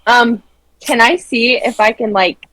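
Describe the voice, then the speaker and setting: A woman playing a tabletop game, blunt and quick to swear, hesitant when asking the game master things. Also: fairly high pitch, a bit bright, no echo, low-quality recording. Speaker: player. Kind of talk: casual tabletop play.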